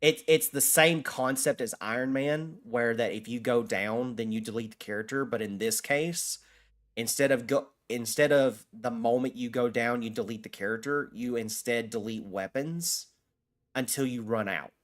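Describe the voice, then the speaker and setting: A man with a mid-range voice talks at a moderate pace while streaming a video game. He chats casually with viewers, rambling through his answers with plenty of fillers and restarts.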